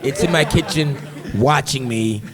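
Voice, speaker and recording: A young man, a game voice actor, chatting on a convention panel as an animated, joking storyteller. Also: medium pitch, unhurried. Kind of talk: casual panel chat. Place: convention stage. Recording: live convention crowd audible.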